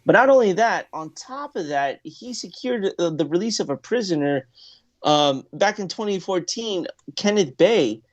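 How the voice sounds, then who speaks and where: A man's voice: sits high, expressive, moderate pace, highs cut off. A man co-hosting a sports talk show, asking teasing questions in casual banter.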